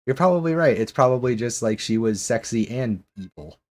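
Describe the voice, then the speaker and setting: A man's voice: mid-range voice, animated, a little fast. A man streaming a game and chatting casually with viewers, rambling with lots of restarts and questions.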